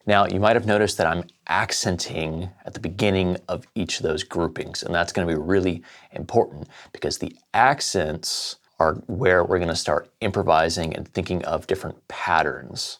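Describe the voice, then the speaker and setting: A man with a very low, gravelly voice teaches a casual drum lesson. He walks through sticking patterns step by step and counts the beats out loud, in a relaxed, informal way. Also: moderate pace, hardly any pauses, slight background noise. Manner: explains step by step, counts aloud.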